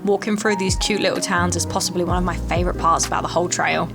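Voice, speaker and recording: A woman's voice: on the low side, steady tone, quick pace, creaky, over music. A young woman vlogging a hiking trip, chatting casually and poking fun at herself. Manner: chatty, self-mocking. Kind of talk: casual travel vlog chat and voice-over.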